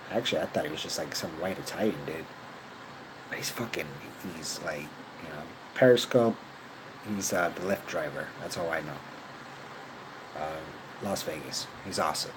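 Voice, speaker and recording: A man's voice: sits low, noisy background. A young man telling a rambling personal story, casual and profane, full of fillers and slang. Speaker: vlogger.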